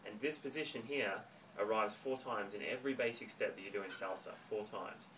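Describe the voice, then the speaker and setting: A man teaching a home dance lesson, counting beats and giving clear step-by-step instructions. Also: lowish voice, fairly quick, a bit bright. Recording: distant mic, faint room noise.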